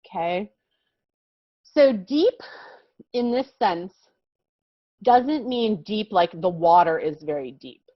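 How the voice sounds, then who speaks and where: A woman's voice: fairly low pitch, lively intonation, measured pace, dry recording, highs cut off. An American woman teaching a kindergarten vocabulary lesson, explaining patiently and encouragingly and often checking that the children follow.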